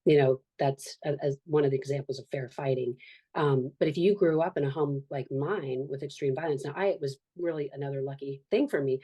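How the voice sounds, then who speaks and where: A woman's voice: rumbling low, fairly quick, warm tone, husky. A woman in her fifties, a podcast guest talking earnestly and reflectively about her life. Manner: earnest, reflective, acts out quoted voices. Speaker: guest, author and social worker. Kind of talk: candid podcast conversation.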